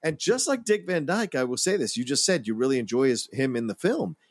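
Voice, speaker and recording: A man co-hosting a casual movie-review podcast who tells anecdotes in a rambling, animated way. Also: medium pitch, brisk, dry recording. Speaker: podcast co-host.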